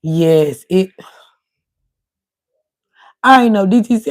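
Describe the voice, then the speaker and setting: Middle-aged woman, livestream host, rambling chat with viewers, warm voice cutting in and out, dry sound. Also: low voice, moderate pace, no room sound.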